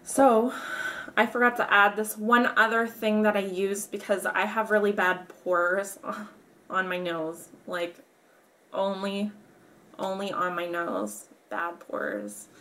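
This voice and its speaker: A young woman talks through her skincare routine at an unhurried pace. Her voice sits at an ordinary middle pitch, and she pauses and restarts often, dropping soft laughs between casual remarks. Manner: halting, with fillers and soft laughs. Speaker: beauty vlogger.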